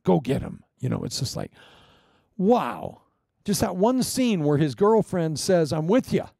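Male pastor, middle-aged, gravelly dark tone, playful sermon delivery with loud peaks and murmured asides. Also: sits high, a little slow, dry recording, studio quality. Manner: lively, joking, swings between loud proclamations and quiet asides.

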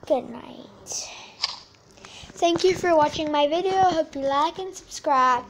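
Hoarse high-voiced young woman. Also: moderate pace, slight background noise, low-quality recording. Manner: apologetic, chatty. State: hoarse, losing her voice. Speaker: gameplay video creator. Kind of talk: casual video outro.

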